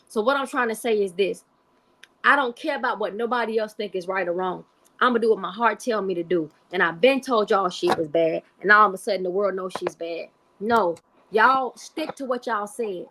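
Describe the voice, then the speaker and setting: A woman's voice: medium pitch, moderate pace, a bit bright, slight background noise. A woman hosting a live stream, delivering heated commentary in an emphatic, profane way and repeating points for emphasis.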